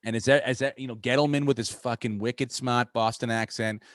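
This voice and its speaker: A man's voice: mid-range voice, steady tone, brisk, dry recording. Profane, rambling man hosting a podcast. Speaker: podcast host. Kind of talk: casual sports chat.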